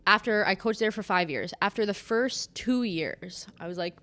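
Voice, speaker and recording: A woman's voice: medium pitch, animated, normal speed, fairly bright tone. A young adult woman co-hosting a casual podcast chat, blunt and swearing freely. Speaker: podcast co-host.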